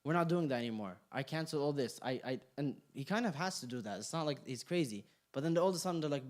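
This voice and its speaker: Expressive and fast with few pauses, a young class instructor at a community center classroom uses a medium-pitched, darkish voice. He keeps things casual and playful, joking and throwing questions out to the class.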